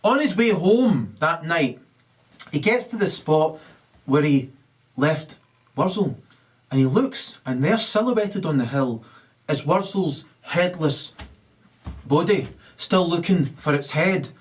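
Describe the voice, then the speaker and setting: A man's voice: a little high, animated, slow, long pauses. A man improvising a profane story, rambling with many ums and restarts.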